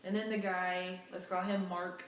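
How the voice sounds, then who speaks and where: A woman's voice: fairly low pitch, measured pace. Chatty young woman in an echoey room. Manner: animated, chatty, full of fillers. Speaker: vlogger. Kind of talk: casual storytime. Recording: echoey room, mic far off.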